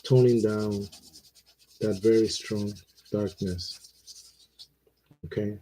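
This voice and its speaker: Male art teacher, very dark mellow tone, unhurried demo delivery, slight background hiss. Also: lowish voice, fairly even intonation, poor audio. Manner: slow, thinking aloud while he paints, with pauses and fillers. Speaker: watercolor teacher. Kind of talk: relaxed painting demonstration.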